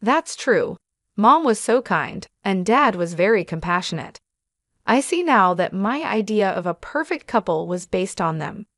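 A woman voicing a gentle young bride, soft and agreeable. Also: medium pitch, big pitch swings, measured pace, dry recording, clean studio sound. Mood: tender.

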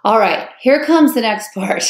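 A woman's voice: on the high side, expressive, unhurried. Upbeat woman teacher, echoey room. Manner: upbeat, chatty, checks in with "okay?" and "all right?"; sings and chants a memory song with motions. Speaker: biology teacher. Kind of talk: recorded classroom lecture with song.

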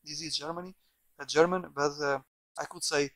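Rambling man, slightly high voice. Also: fairly even intonation, moderate pace, a bit bright, no echo. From Portugal. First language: Portuguese. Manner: rambling, with many repeated words and restarts. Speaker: software developer. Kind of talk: casual software walkthrough. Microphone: bad microphone.

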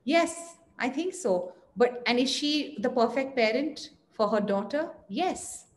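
Earnest woman with a higher voice. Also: animated, takes it slowly. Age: adult parent. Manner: earnest, emphatic, asks rhetorical questions. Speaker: guest speaker on yoga parenting. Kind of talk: online panel talk.

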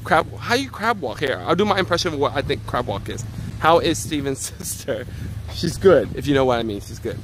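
A man streaming live outdoors on a phone, chatting casually and joking loudly with viewers and family. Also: medium pitch, fairly quick, a little hiss or hum. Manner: joking, loud, excitable banter. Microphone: handheld phone.

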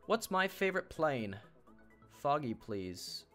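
A man's voice: mid-range voice, expressive, brisk, a bit bright, soft background music. A teenage boy streaming a game, chatting casually with viewers and thinking aloud as he plays. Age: teens. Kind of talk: casual live-stream chat. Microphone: desk mic he must face toward.

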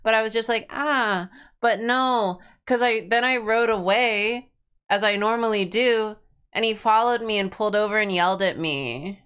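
A woman's voice: medium pitch, normal speed, a bit bright, clear, resonant tone. A woman chatting on a livestream, telling a story casually, laughing often and swearing. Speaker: show regular.

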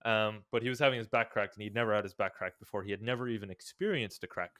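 A man co-hosting a podcast, telling stories hesitantly with many pauses and restarts. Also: on the low side, fairly bright tone, a little hiss or hum. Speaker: podcast co-host, strength coach. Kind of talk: casual podcast chat.

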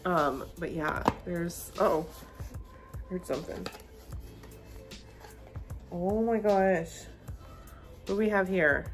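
A young woman gushing and gasping as she unboxes a gift for her vlog. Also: lowish voice. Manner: gushing, excitable, frequent gasps and "oh my gosh". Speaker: manga vlogger. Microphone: phone camera.

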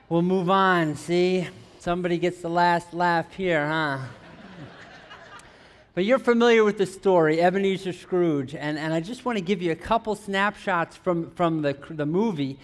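High-voiced chatty male pastor. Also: measured pace, smooth. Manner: chatty, asks the audience questions, many restarts; playful, teasing asides. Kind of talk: conversational sermon.

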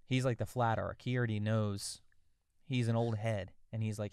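A man's voice: lowish voice, fairly even intonation, moderate pace, darkish tone, smooth, no echo, clean studio sound. A young adult man co-hosting a podcast, rambling and thinking aloud while brainstorming a story. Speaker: podcast co-host. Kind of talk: casual brainstorming chat.

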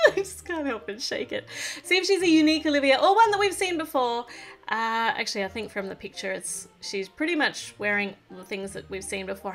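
A woman from Australia hosting a toy unboxing, chatting in a bubbly, giggly way and gushing with excitement over each piece. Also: sits high. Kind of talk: casual unboxing chat.

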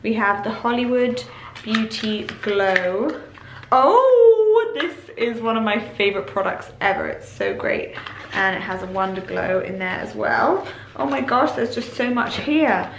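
A woman's voice: mid-range voice, unhurried, creaky, roomy sound, slight background noise. A young woman chatting casually in her bedroom as she unboxes parcels, gushing and full of exclamations. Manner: gushing, excitable, lots of exclamations. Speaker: vlogger. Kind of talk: casual vlog chat while unboxing. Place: bedroom at home.

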